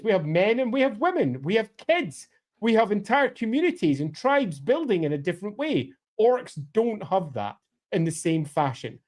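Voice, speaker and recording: A man talking emphatically in a casual podcast discussion, his pitch swinging up and down as he makes his points. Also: a little mellow. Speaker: co-host of a lore podcast.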